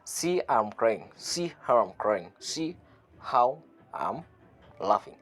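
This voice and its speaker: A man giving an online language lesson, saying phrases slowly, repeating them and translating each one, with a chuckle now and then. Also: medium pitch, very animated, a bit bright. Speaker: language teacher.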